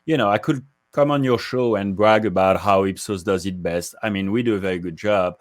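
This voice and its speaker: Low-voiced, measured interview guest. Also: male voice, dry recording, clean studio sound. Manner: measured, articulate, explanatory. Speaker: guest, market research executive. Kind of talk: interview answers.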